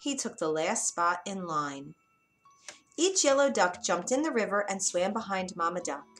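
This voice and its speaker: A woman narrating an animated fairy tale for children in a lively, expressive read-aloud manner. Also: medium pitch, normal speed, soft background music. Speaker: storyteller.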